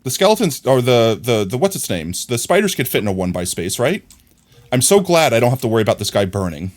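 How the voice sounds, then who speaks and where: A man streaming a video game live, talking to himself in excited, frantic bursts as he plays. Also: medium pitch, brisk. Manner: excitable, frantic, talks to himself while playing. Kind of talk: live gameplay commentary.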